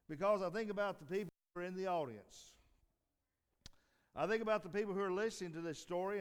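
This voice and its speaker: A man delivers a sermon in a church hall, and his voice rings with a long echo. His pitch sits a little high for a man. He restarts and repeats phrases, builds to emphatic peaks, then drops low and soft. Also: clear, resonant tone. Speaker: preacher.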